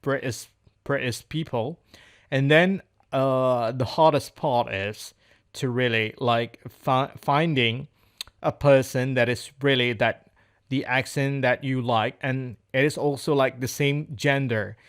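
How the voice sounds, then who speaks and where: An English learner records speaking practice in an unscripted monologue, using a mid-range, steady, clear, resonant voice at a slow pace. He is hesitant, searches for words, and often repeats phrases.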